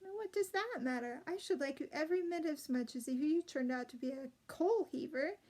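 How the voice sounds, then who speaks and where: A woman's voice: sits high, lively intonation, a little fast, a little mellow, voice pushed up. A woman voicing a spirited young princess who sobs and flares up in a storybook reading. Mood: indignant. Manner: emotional, sobbing and flaring. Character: young runaway princess, girl, spirited and tearful.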